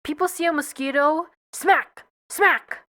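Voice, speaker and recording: Woman doing a cynical male mosquito, slangy and brash, bright high voice, bee cartoon read-along. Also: measured pace. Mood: griping. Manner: streetwise, slangy.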